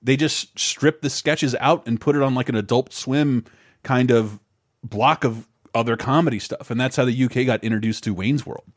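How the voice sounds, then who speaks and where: A man's voice: mid-range voice, normal speed, no echo, studio quality. A man in his thirties talks loosely on a podcast, rambling through his points with frequent restarts. He swears casually and freely as he chats. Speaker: podcast co-host. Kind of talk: casual chat.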